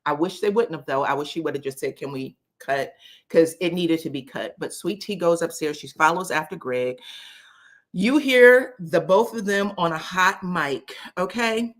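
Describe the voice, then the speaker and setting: A woman's voice: fairly low pitch, lively intonation, moderate pace. A woman recapping a reality show in casual talk, sassy and emphatic, swearing freely and acting out what the cast said. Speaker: reality TV commentator.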